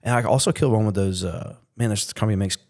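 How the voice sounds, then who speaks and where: A man in his middle years, a podcast guest, telling a story in a casual, animated way with lots of fillers. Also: fairly low pitch, fast talker, vocal fry.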